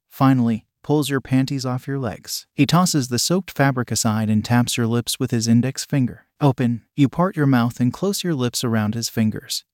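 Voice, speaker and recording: A man narrating a second-person adult audio story in a soft, intimate way. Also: mid-range voice, no room sound, studio quality.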